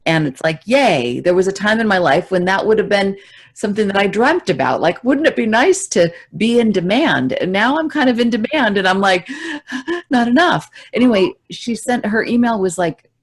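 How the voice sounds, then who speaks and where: A woman's voice: mid-range voice, very animated, normal speed, husky. A woman co-hosting a podcast in casual, reflective chat, acting out her own reactions in quoted voices. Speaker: podcast co-host.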